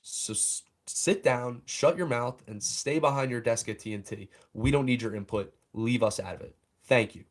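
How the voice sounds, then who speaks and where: A young man hosts a fan podcast, delivering an angry, heated livestream rant about a sports analyst. His voice sits at a medium pitch and moves at a normal speed.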